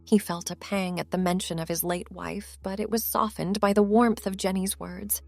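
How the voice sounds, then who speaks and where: A woman reading a story in calm, scripted narration. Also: mid-range voice, moderate pace, creaky, hardly any pauses, no room sound.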